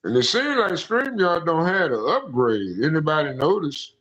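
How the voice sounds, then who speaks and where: A man's voice: fairly high pitch, sing-song, normal speed, fairly bright tone. A young man hosting a casual call-in stream, talking in loose, profane, preachy rants. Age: young adult. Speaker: stream host. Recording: echoey, dull lo-fi room sound.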